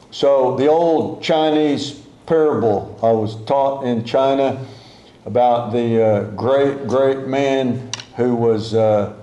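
A male pastor gives an unhurried sermon in a warm, mellow voice. He talks to the congregation like a conversation, repeats key phrases and stops to correct himself. The voice rings out in a roomy church hall. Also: mid-range voice. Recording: echoey room.

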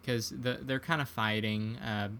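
A podcast co-host speaks in a medium-pitched, slightly bright voice with fairly even intonation and a measured pace, against slight background noise. In a casual film discussion, he retells movie scenes in a laid-back way.

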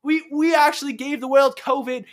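A man's voice: very high voice, steady tone, fairly quick, pitched above the performer's own voice. A young man putting on an exaggerated British accent to play a goofy, stammering self-styled future British prime minister. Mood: silly boasting. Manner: rambling, stammering, laughing through lines.

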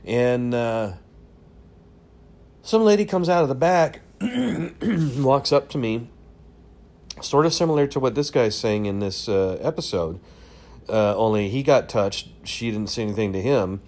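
A man telling a rambling personal story at home, with many fillers and restarts and bursts of excitement. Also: medium pitch, a little slow, pauses often. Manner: animated, swings up in excited bursts. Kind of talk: casual storytelling. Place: home room.

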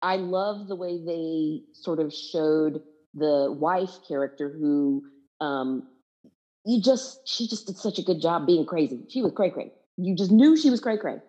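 A woman with a low, mellow voice talks frankly in a relaxed chat, quick to set her partner straight. The sound is a bit dull and lo-fi. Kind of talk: casual chat.

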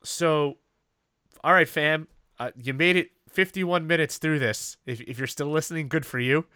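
A man's voice: on the high side, normal speed, pushed and bright, clear, resonant tone, no echo, clean studio sound. A man co-hosting a wrestling podcast, chatting casually and telling a long story with many fillers and restarts. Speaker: podcast co-host. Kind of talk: casual chat.

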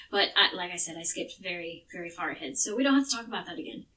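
A woman's voice: lowish voice, sharp tone, distant mic, low-quality recording. A woman co-hosting a podcast, telling a true crime case in a casual, chatty way with some swearing. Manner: chatty, swearing, restarts words.

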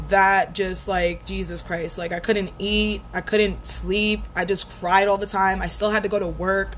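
A young woman in her twenties tells a personal breakup story with blunt, profane candor and lots of animation. Her voice sits at a middle pitch. There is a faint hiss of background noise behind her. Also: fairly bright tone. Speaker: vlogger. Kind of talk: casual storytelling.

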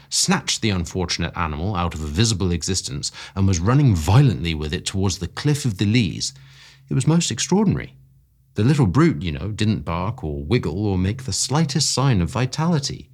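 Male story narrator, low husky voice, lively expressive reading. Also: a little fast. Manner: expressive, rising with excitement. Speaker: podcast story reader. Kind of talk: scripted narration of a classic story.

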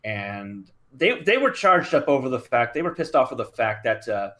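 A man's voice: medium pitch, sing-song, normal speed, bright, forceful tone. A man in his thirties co-hosting a podcast in casual chat, rambling with many fillers and restarts. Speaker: podcast co-host.

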